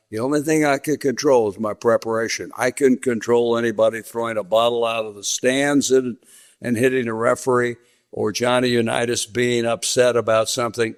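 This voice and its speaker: An older man from western Kansas, a veteran sportscaster telling stories in a sit-down interview and acting out the dialogue he quotes. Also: mid-range voice. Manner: vivid storyteller, acts out quoted dialogue.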